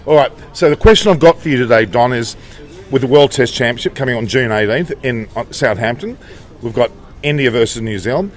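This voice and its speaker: Fast-talking upbeat street interviewer. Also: male voice, medium pitch, animated. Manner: upbeat, chatty, quick-talking. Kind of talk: vox pop street interviews. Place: busy street outdoors.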